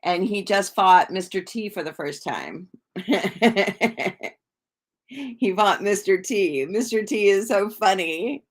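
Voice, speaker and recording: Slow and expressive at a medium pitch, this livestream host and tarot reader chats casually with her audience. She rambles, fills her speech with fillers, and says hello to people in the chat.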